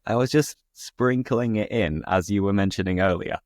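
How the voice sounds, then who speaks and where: A man's voice: fairly low pitch, moderate pace, darkish tone, no room sound, studio quality. A British man hosting a podcast, chatting casually and laughing at his own jokes. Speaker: podcast host, English teacher.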